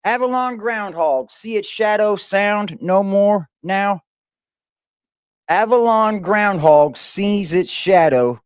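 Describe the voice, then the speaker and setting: A man's voice: high-pitched, dry recording, clean studio sound. A man hosting a live stream in a casual, playful way, greeting chat viewers one by one.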